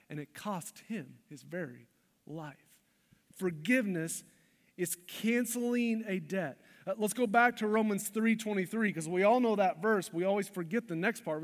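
Male pastor, high-pitched, emphatic sermon delivery in a church hall with long reverb. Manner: emphatic, shifts between loud stresses and hushed lines.

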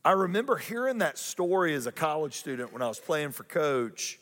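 A male pastor preaching a lively sermon, repeating phrases and climbing higher in pitch for emphasis. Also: moderate pace, big-room sound. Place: church auditorium.

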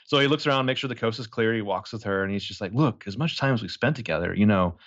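A man co-hosting a podcast in casual chat, recapping a TV episode and animatedly acting out the characters' lines. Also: on the low side. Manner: animated, acts out characters' lines in quick voices. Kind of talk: casual chat, retelling scenes. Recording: dull lo-fi sound.

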